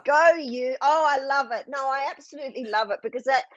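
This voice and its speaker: A woman's voice: high voice, fairly quick, fairly bright tone, no room sound, muffled recording. A woman hosting an online interview, enthusiastic, with many restarts and fillers. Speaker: host.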